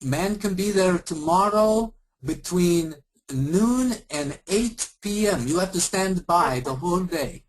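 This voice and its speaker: A man doing a hurried, impatient call-center agent with a clumsy fake Indian accent, pitched well above a normal speaking voice. He tears through his lines and brushes the caller off. The voice has a husky edge. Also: animated, exaggerated voice. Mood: dismissive. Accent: bad put-on Indian accent. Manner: rushes words and brushes the caller off. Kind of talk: customer service role-play.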